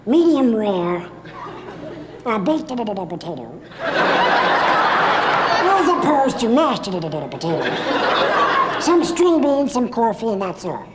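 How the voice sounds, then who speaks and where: A man putting on a goofy, slow-witted voice, drawn out with stammers. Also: high-pitched, very animated, pitched above the performer's own voice. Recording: noisy roomy hall.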